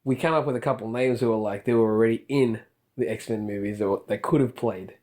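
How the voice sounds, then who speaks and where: A man's voice: fairly low pitch, darkish tone. Casual agreeable man co-host. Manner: agreeable, quick back-and-forth, swears casually. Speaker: podcast co-host. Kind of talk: casual chat.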